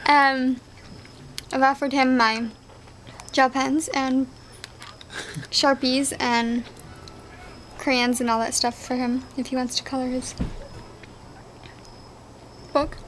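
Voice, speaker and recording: A young woman with a high voice chats and giggles through a bout of hiccups. She talks casually at home, with a faint hiss of room noise behind her. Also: flat delivery, slow pace, long pauses, fairly bright tone, poor audio. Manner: giggly, chatty. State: has the hiccups. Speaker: vlogger. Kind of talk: casual home vlog chat.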